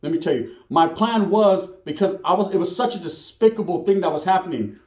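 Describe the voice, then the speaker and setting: A man's voice: sits high, brisk, darkish tone, roomy sound. A man telling a prison story in casual slangy street talk with Spanish words, acting out the other people's lines.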